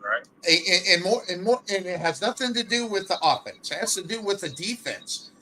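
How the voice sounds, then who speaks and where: A man's voice: high-pitched, big pitch swings, a little fast, bright, forceful tone, a little hiss or hum, poor audio. A man hosting a sports radio show, chatting casually and rambling with stammered restarts.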